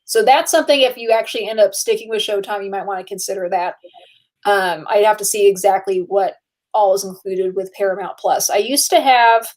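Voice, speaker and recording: A woman co-hosting a podcast in casual chat, relaxed and chatty and laughing often. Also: medium pitch, fairly quick. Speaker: podcast co-host.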